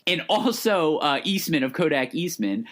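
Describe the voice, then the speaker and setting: Laughing, animated podcast co-host man. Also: on the high side, normal speed. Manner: laughs often, rambling with restarts. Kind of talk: casual chat.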